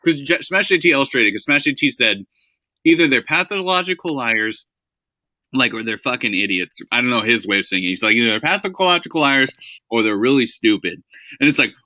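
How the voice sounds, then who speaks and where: A man's voice: medium pitch, lively intonation, fairly quick, sharp tone, no room sound. A man hosting a casual live stream, rambling, laughing and swearing as he talks. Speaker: stream host.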